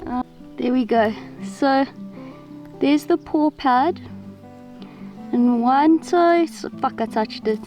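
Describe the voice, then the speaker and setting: High, unhurried woman vlogging. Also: music in the background. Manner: chatty, swears freely, gives firm commands to her dogs. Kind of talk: casual outdoor vlog narration. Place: outdoors in the bush.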